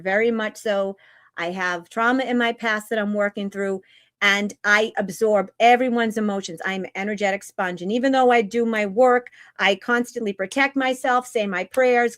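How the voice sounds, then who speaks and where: A woman with a slightly high, fairly bright voice hosts a live-stream spiritual talk. She's earnest, repeats phrases, and checks in with "right?" and "okay?", reading slow guidance lines before talking freely.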